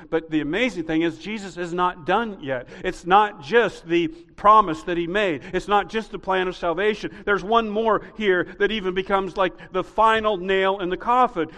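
A man preaching a sermon as pastor, teaching patiently and building to loud, emphatic peaks. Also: sits high, normal speed, big-room sound. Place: church sanctuary.

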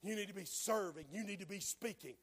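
A man preaching a fiery sermon, dropping to a hush and then rising to shouts. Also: high voice, brisk, long reverb tail. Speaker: pastor. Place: church sanctuary.

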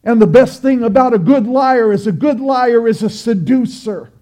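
A man's voice: very high-pitched, normal speed, warm tone. A man preaching a sermon, earnest and exhorting, building through repeated phrases.

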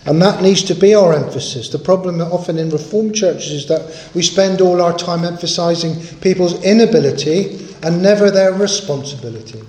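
A man's voice: sits high, moderate pace, hardly any pauses, a little mellow, echoey room. A man preaching a sermon in an earnest, emphatic way, stressing and repeating his key points.

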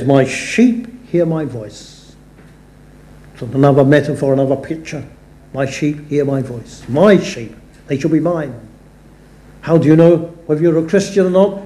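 A man's voice: on the high side, dark tone. A man preaching a sermon in a chapel, speaking earnestly and giving weight to the scripture he quotes. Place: church or chapel. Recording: echoey church room.

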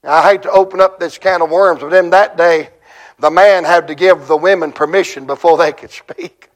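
A man preaching a sermon in church, telling a story with dramatic, shouted climaxes. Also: fairly high pitch, steady tone, moderate pace.

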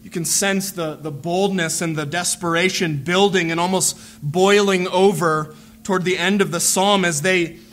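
Slow, high-voiced male preacher. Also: fairly bright tone. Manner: earnest, deliberate preaching with repeated phrases. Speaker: pastor. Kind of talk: sermon.

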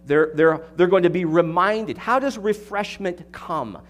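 A man's voice: high voice, a little slow. A male pastor preaching an expository sermon, emphatic, repeating words and asking the congregation rhetorical questions.

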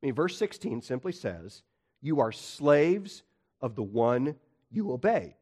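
A male pastor preaching a Sunday morning sermon, emphatic, with frequent stuttered restarts, swinging between loud urgent points and hushed ones. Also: mid-range voice, very animated, measured pace, slightly rough.

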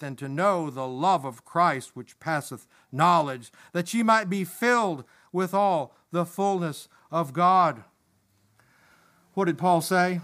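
Male preacher with a high voice, impassioned sermon delivery, building to emphatic peaks. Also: pushed and bright. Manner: impassioned, rising to emphatic peaks and dropping low.

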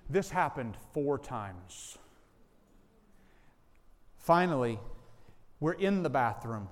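Male pastor, average pitch, earnest story-driven sermon delivery, repeats points for weight; long hall reverb. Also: very animated, takes it slowly. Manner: storytelling, earnest, repeats key lines for emphasis.

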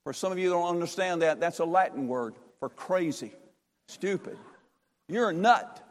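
A preacher with a high voice delivers a fervent sermon, repeating key phrases with emphatic cadence. His voice rings through the long reverb of a church sanctuary. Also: moderate pace. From North Carolina, USA.

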